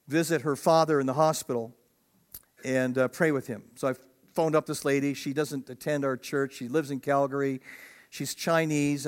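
Emphatic man preaching a sermon. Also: a little high. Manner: conversational preaching, swells to emphatic peaks. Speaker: pastor.

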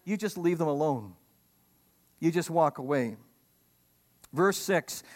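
Middle-aged male pastor, high voice, lively sermon with joking asides. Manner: animated preaching with sudden loud emphatic lines and humorous asides.

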